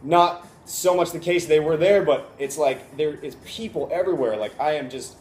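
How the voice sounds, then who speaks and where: A man in his twenties telling a story in a casual vlog, animated and full of fillers like "like" and "you know". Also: fairly high pitch, normal speed. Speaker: vlogger. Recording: echoey room, faint ambient noise.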